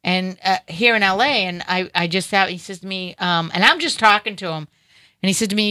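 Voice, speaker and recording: A woman hosts a radio show with a bright, forward tone. She tells stories animatedly and acts out the voices of the people in them. The room sound is dry and close. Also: mid-range voice, a little fast, no echo. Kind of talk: casual chat. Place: in LA studio.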